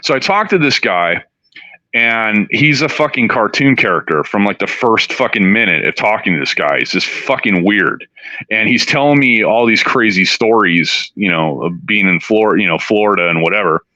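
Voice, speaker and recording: Profane rambling man, bright and dry. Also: on the low side, expressive, moderate pace, no room sound. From Southern California. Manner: rambling and profane, heavy "you know" fillers. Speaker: interview guest. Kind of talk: casual storytelling. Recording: dull, dry studio sound.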